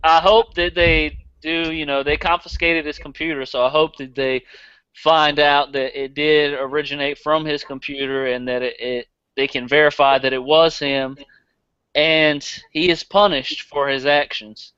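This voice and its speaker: A man's voice: a little high, level tone, unhurried, pushed and bright, smooth, no room sound, dull audio. A man with a Southern accent hosting a casual podcast, blunt and profane, laughing easily. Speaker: podcast host.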